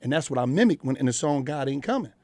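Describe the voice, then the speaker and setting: Middle-aged Philadelphia man, rapid blunt talker, dry studio sound. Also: mid-range voice, lively intonation, a little mellow, dry recording. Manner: blunt, profane street storytelling. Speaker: guest. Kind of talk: candid interview talk. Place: radio studio.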